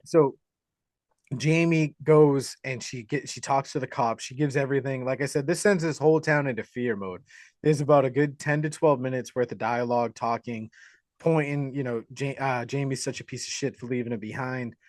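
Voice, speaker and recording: A man on a podcast retelling a horror film in a loose, animated way, full of crude jokes and quick character impressions. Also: medium pitch, dry recording, clean studio sound. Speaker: podcast co-host. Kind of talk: casual movie recap.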